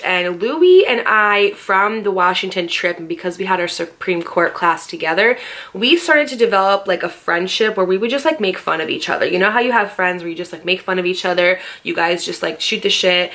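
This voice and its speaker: A young woman in her twenties telling a story to her viewers in a casual, animated way, full of fillers and quoted dialogue. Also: lowish voice. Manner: chatty, animated retelling with quoted voices and laughter; frequent fillers and direct address to viewers.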